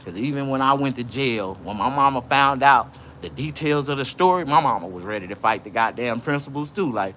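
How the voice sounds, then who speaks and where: A boisterous man swaps profane stories in a casual livestream. His voice is bright and swings widely in pitch as he talks. A faint background hum sits under his speech. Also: lively intonation, a little fast. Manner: loud, profane, boisterous banter. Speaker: vlogger.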